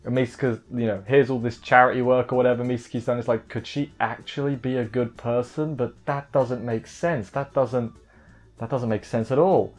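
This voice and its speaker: A man's voice: mid-range voice, steady tone, soft background music. Chatty man recapping an anime, jokey. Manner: chatty, jokey, rambling with quick asides. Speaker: anime reviewer. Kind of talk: casual spoken recap.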